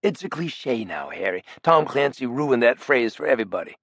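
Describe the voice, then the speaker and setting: A man voicing a brash, profane, big ex-criminal in an audiobook, loud and needling, his pitch jumping up. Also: big pitch swings, normal speed, creaky, no room sound, heavily acted. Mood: incredulous. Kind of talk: audiobook character voice.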